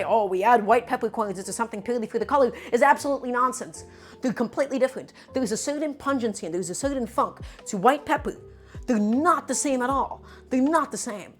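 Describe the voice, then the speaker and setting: A woman with a fairly high voice runs a live cooking stream from her home kitchen. She speaks with emphatic, animated energy, often repeating her instructions. Faint music plays softly underneath her voice. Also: quick pace. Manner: emphatic and animated, repeats herself, calls viewers "my friends". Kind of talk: live cooking demonstration, chatting with viewers.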